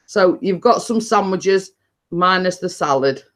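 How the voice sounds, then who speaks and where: A woman's voice: on the low side, expressive, a little slow. A middle-aged woman, chatting casually with viewers as a live stream host, laughing often and restarting her sentences.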